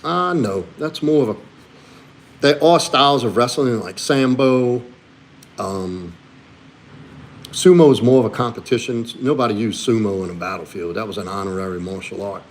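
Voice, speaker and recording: A man, hosting a casual live stream and answering viewers' questions as he reads chat. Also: normal speed. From Louisiana. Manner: answers chat questions, talks to his dog in a high sweet voice. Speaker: livestream host and coach.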